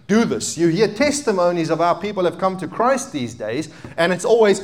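A man in his thirties preaching a sermon as a pastor, animated, swinging between loud emphatic peaks and quiet asides. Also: sits high, normal speed, hardly any pauses. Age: 30s.

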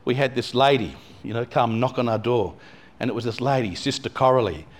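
A man's voice: medium pitch, brisk. A man, a pastor telling a personal story in a sermon, rambling with many asides. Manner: rambling, lots of "you know" and restarts.

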